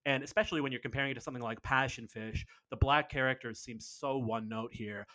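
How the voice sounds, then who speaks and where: A man's voice: mid-range voice, quick pace, pushed and bright. Conversational man making his case. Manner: conversational, builds arguments with examples. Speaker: podcast co-host. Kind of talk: casual film discussion.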